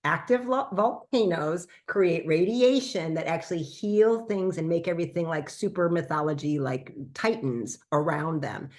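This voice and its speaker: A woman doctor telling a casual testimonial, animated and acting out her own past remarks. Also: lowish voice, moderate pace, few pauses. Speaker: doctor and consultant.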